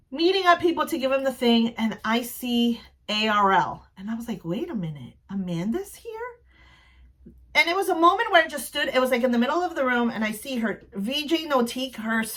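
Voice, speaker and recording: Woman vlogger from New Jersey, high voice, excitable and rambling, casual recap. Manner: gushing, excitable, rambling with restarts.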